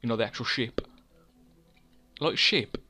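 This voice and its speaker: A man's voice: mid-range voice, measured pace, sharp tone, a little hiss or hum. A young man, chatting casually over his gameplay, rambling and mocking himself as he scolds himself in the third person. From England. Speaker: gaming channel host.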